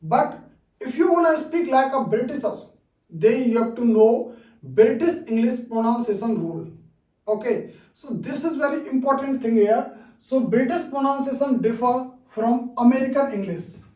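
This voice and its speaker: A man teaching an online English lesson. He drills words slowly and keeps checking in with "okay?". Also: very high-pitched, animated, dark tone, reverberant, recorded from a distance, rough recording.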